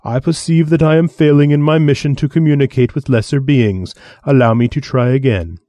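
A man putting on a haughty alien envoy for an audiobook story. He lectures in a raised, pompous voice, mellow and dry. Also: mid-range voice, brisk, dry recording, voice pushed up, lightly acted. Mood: condescending. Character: haughty male alien envoy, condescending and disdainful.

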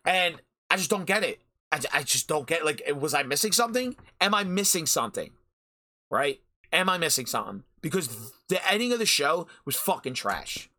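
A man's voice: on the high side, very animated, normal speed, pushed and bright. A man hosting a podcast, ranting about anime in a heated, profane way and repeating phrases for emphasis. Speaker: podcast host. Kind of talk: anime review rant. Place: home recording during a storm.

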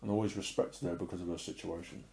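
A middle-aged man sharing an emotional personal testimony and preaching in an earnest way, often sinking to a soft murmur. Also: deep voice, fairly even intonation, fast talker, creaky. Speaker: Christian speaker.

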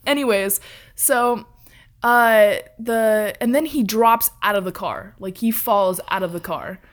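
A woman telling a story in a casual chat, animated, laughing often and swearing freely. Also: mid-range voice, measured pace.

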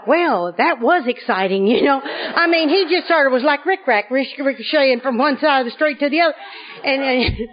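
A high-pitched woman tells a humorous personal story to a live audience. She has a lively, comic delivery and often laughs as she talks. The sound is dull and lo-fi, like an old conference tape. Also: moderate pace. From Arkansas. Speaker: speaker at a recovery conference.

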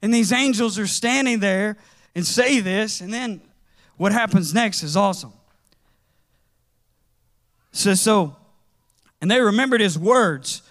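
A man preaching a sermon in a conversational, animated way, with casual slang as he tells stories. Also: sits high, measured pace, long pauses.

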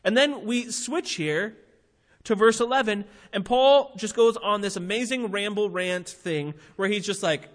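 A man preaching a sermon in a conversational, animated way, acting out little voices as he explains scripture. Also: high voice, a little slow. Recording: hall reverb.

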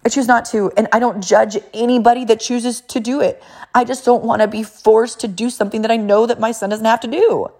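A woman's voice: on the high side, fairly even intonation, a little fast, darkish tone. A middle-aged woman, a mother, telling a personal story in an emphatic, repetitive way.

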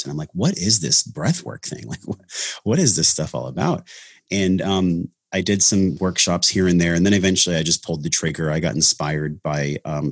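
Husky deep-voiced man. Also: no echo, studio quality. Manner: reflective, earnest, many restarts. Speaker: breathwork facilitator, podcast guest. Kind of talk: casual podcast conversation.

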